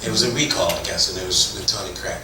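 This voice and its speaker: A man's voice: low-pitched, fast. Man, middle-aged, from Toronto, actor on a convention panel, rambling self-deprecating anecdotes, very echoey hall, noisy background. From Toronto, Canada. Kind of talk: anecdotal storytelling. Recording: echoey hall, distant mic, background noise.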